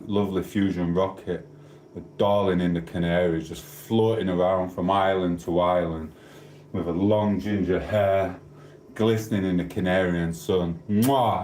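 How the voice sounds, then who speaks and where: Hosting a casual live stream, a man from Sheffield, England reads viewers' comments aloud and playfully teases them. His South Yorkshire voice is a little low and a little mellow, echoing in the room over a faint hum.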